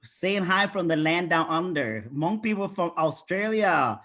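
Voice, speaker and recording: Playful male host on a video call, high husky voice. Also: expressive, fairly bright tone. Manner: playful, quick to mimic voices. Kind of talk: casual video call interview.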